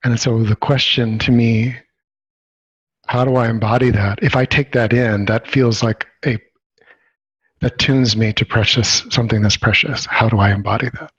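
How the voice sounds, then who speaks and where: Husky man reflecting back, dull audio. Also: medium pitch, steady tone, normal speed, a bit bright, no room sound. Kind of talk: reflective listening.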